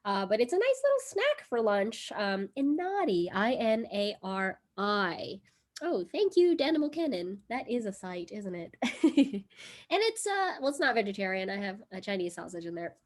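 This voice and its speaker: A woman hosting a casual live cooking stream from home, chatty and giggly with lots of fillers. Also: fairly high pitch. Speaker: livestream cooking host. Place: home in Brooklyn.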